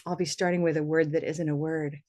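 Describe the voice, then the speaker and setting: A woman teaching pronunciation on a video call, relaxed and chatty, leading repetition drills. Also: deep voice, a little fast. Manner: relaxed, chatty, laughs easily.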